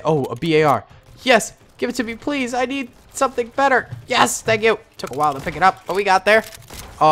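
A man giving jokey, excitable gameplay commentary, bursting into yelps and shouts. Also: high-pitched, slight background noise. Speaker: gaming YouTuber.

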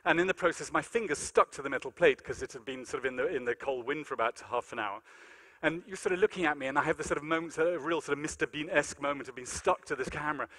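A man giving a lecture in a large conference hall, telling animated, self-deprecating stories. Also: on the high side, quick pace. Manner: animated, self-deprecating anecdotes, many fillers. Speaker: keynote lecturer. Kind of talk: storytelling lecture with acted-out dialogue.

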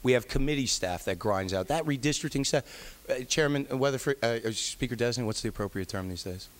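A man's voice: mid-range voice, a little fast. A man, a state legislator, giving an affectionate farewell speech on the chamber floor, full of fillers and restarts.

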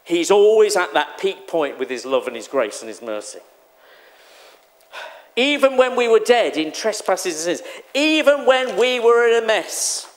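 A man preaching a sermon in a church, animated and exclamatory, acting out the voices he quotes. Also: high voice, measured pace. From England. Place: church hall.

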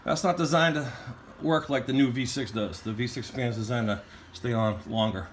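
A man hosting casual chat in a garage while working on a truck, animated and joking, laughing often. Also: mid-range voice, normal speed, a little hiss or hum. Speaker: host. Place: home garage.

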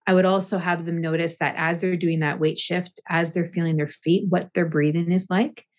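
Woman guest, yoga movement teacher, measured and deliberate delivery, slightly low pitch. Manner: slow, deliberate, with restarts. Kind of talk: thoughtful interview answers.

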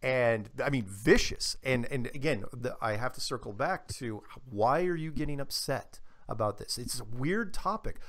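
A man's voice: medium pitch, moderate pace, few pauses. Chatty man telling stories as a guest. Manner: animated storyteller, frequent restarts. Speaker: interview guest. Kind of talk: casual radio interview chat.

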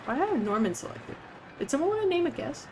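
A woman's voice: high voice, big pitch swings, fast talker, a little mellow, a little hiss or hum, low-quality recording. A young woman on a casual gaming livestream, rambling, giggling and swearing now and then as she chats with viewers. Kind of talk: casual gaming stream chat.

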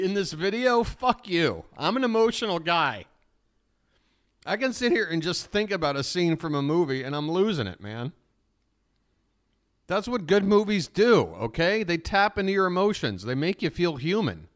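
A man's voice: high-pitched, sing-song, moderate pace. A man hosting a live stream, talking in a rambling, profane, openly emotional way as he reacts casually to a clip.

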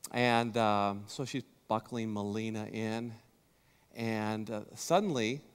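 A man preaching a sermon, telling a story at his own expense in an animated way and speaking straight to the congregation. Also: fairly high pitch, long reverb tail. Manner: animated, self-deprecating storyteller who talks to the congregation. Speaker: pastor. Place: church sanctuary.

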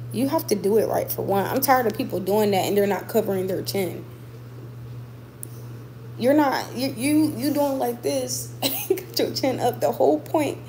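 A woman's voice: medium pitch, mellow, a little hiss or hum, rough recording. A woman boxer chatting casually with her viewers, emphatic and repeating points for stress. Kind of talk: casual livestream chat with viewers.

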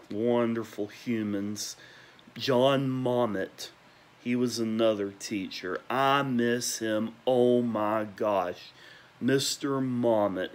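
A young man at home at night, ranting emotionally about people he misses and repeating warm praise, sometimes talking quietly. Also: mid-range voice. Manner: emotional, repetitive, listing names with gushing praise; talking quietly at times because parents are asleep. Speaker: vlogger. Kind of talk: nostalgic rant to camera.

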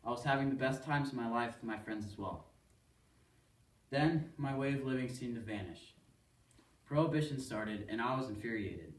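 A man reads a first-person poem aloud with a steady, earnest storytelling delivery. His voice sits at an ordinary pitch. He is heard from across a room with plenty of echo. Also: moderate pace. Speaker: student reader. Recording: echoey room, voice from far off.

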